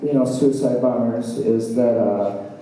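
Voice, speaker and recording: A man doing a stand-up set at an open mic, with a halting, meandering delivery full of fillers and trailing asides. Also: medium pitch, steady tone, dark tone. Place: small bar open mic stage, indoors. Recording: echoey bar from a distant camera with faint room noise.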